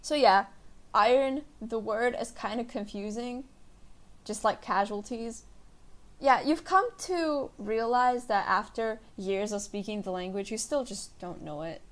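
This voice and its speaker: A woman's voice: fairly high pitch, a little slow. Young woman rambling through a solo podcast. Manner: rambling, chatty, self-deprecating. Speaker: podcast host. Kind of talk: casual solo podcast chat.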